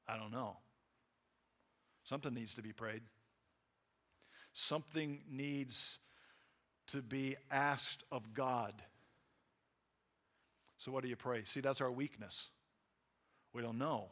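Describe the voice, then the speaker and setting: A man preaching a sermon in a conversational way, acting out little quotes and swinging between loud emphasis and quiet asides. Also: mid-range voice. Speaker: pastor.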